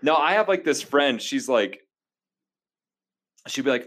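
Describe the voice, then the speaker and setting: A young man co-hosting a podcast, chatting casually and excitedly, full of "dude". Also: mid-range voice, a little slow. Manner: animated, keeps saying dude. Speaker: podcast co-host. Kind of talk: casual comedic chat.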